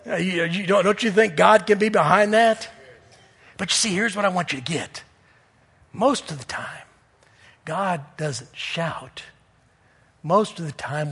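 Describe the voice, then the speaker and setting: A man preaching a sermon in earnest, swinging from loud appeals to hushed near-whispers. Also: sits high, husky, in a large hall.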